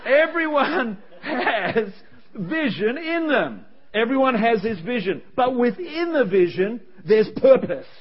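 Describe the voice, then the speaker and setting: A man preaching in a high, bright-pitched voice, lively and animated, slipping into quoted voices as he goes. The recording is dull and lo-fi. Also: husky, some chatter behind. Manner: animated, acts out quoted voices, quick asides. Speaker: pastor. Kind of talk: sermon. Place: church service. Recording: dull lo-fi sound.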